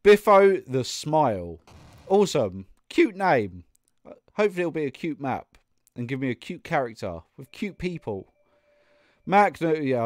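In this dry, studio-quality let's play recording, a young man with a voice on the high side comments on his own gameplay as a gaming YouTuber. He mutters to himself, gets exasperated, and erupts now and then in outbursts and laughs.

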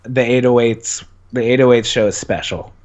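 On a lo-fi track, a young adult male guest speaks at medium pitch and normal speed, his intonation fairly even and his tone a little mellow. His casual interview talk is rambling and enthusiastic, thick with "like."

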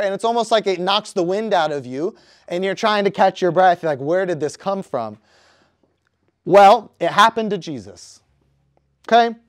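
A man's voice: high-pitched, no echo, studio quality. A young man preaching to a youth group, conversational and asking the room questions. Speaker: youth pastor. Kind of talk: youth sermon.

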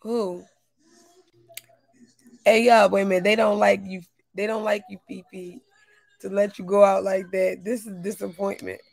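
A woman hosting a livestream, greeting her chat by name and ranting loudly with lots of profanity and laughter. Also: medium pitch, level tone, normal speed, gravelly, long pauses, no room sound. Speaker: livestream host.

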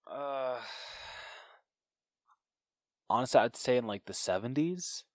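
A man's voice: mid-range voice, lively intonation, takes it slowly, dry recording, studio quality. A man co-hosting a podcast in a laid-back, casual chat about a film, reenacting lines and laughing. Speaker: podcast co-host. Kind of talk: casual movie review chat.

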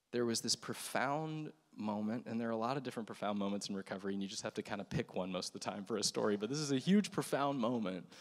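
A man in his thirties giving an earnest, reflective personal testimony on a church stage, speaking with soft pauses. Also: mid-range voice. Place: large hall with stage. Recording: long hall reverb.

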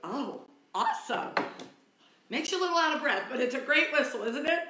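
A woman's voice: high-pitched, lively intonation, a little fast, noisy background. A woman teaching a livestreamed kids' music class, cheerful and encouraging. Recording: roomy echo, loud guitar.

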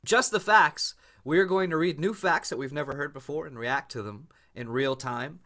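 A man co-hosting a podcast in casual chat, animated and laughing often. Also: medium pitch, moderate pace. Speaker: podcast co-host.

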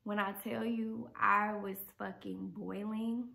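Profane, animated storytelling woman. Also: mid-range voice, slow pace, creaky. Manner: animated, profane, addresses viewers directly. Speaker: vlogger. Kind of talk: storytime vlog.

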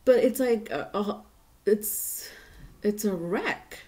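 A woman's voice: mid-range voice, slow pace, dark tone. Chatty woman giving a tarot reading. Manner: chatty, rambling, many fillers and restarts. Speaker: tarot reader. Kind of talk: casual tarot reading to viewers.

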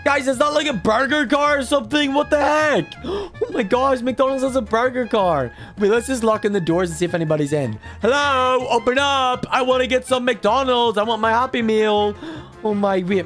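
A man voicing an excitable, cheeky baby boy in game commentary, squealing and talking straight to viewers. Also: very high-pitched, moderate pace, soft background music. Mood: whiny. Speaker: gaming YouTuber.

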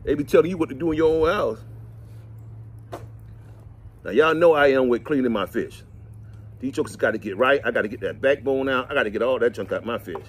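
A middle-aged man, chatting and telling folksy, animated stories to the camera outdoors while cleaning fish. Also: medium pitch, a little fast, pauses often, slight background noise. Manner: folksy, animated, preachy asides. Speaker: vlog host. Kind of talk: casual storytelling chat.

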